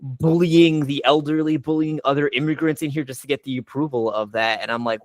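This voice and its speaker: A man's voice: fairly high pitch, brisk, few pauses, dry recording. A young adult man, a voice actor on a panel, telling stories casually with lots of "like" and restarts. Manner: animated, filler-heavy retelling. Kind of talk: casual storytelling.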